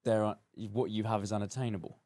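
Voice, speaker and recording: A man's voice: on the low side, little pitch movement, fast, darkish tone, no echo. A man hosting a podcast, talking bluntly and joking as he swears casually. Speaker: podcast host. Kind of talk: casual conversational interview.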